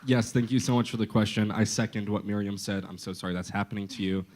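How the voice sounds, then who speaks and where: A man's voice: lowish voice, level tone, fast talker, darkish tone, slight background noise. A young man, a student government candidate, giving firm, impassioned debate answers.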